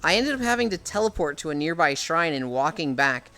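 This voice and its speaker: A man's voice: on the high side, very animated, a little fast, sharp tone, faint music behind. A man chatting casually on a live stream. He rambles and sounds exasperated, with plenty of swearing.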